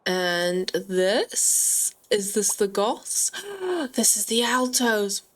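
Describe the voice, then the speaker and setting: A woman giving chatty, excitable gameplay commentary and talking straight to her viewers. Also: medium pitch, drawn-out words. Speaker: gaming channel host.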